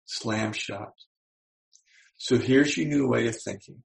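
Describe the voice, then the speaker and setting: A man giving a motivational talk to an audience, animated and acting out the voices he quotes. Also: mid-range voice, slow pace, gravelly, poor audio. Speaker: motivational speaker.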